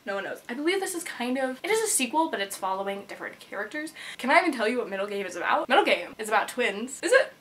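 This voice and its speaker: A young woman in her twenties talks casually, gushing and bubbly, with plenty of "like" fillers. She speaks quickly, in a fairly high voice with a bright edge. Her tone stays eager and chatty throughout. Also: big pitch swings, slight background noise. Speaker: book vlogger. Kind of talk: casual chat.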